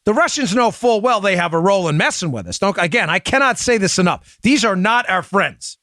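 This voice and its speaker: A man hosting a talk show, speaking rapidly and emphatically and addressing listeners directly on a close studio mic. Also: sits high, expressive, bright, forceful tone, no room sound. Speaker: show host. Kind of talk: opinion talk show monologue.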